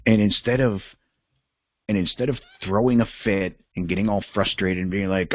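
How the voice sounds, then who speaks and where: A man's voice: fairly low pitch, moderate pace, no room sound, muffled recording. A man hosting a reflective self-help talk, candid and conversational, thinking aloud as he goes. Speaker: podcast host and life coach.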